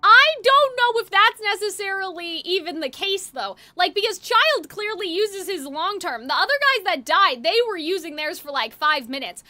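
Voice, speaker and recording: Young woman game streamer, chatty and rambling, very high bright voice. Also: animated, moderate pace, hardly any pauses. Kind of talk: casual game commentary. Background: faint game music.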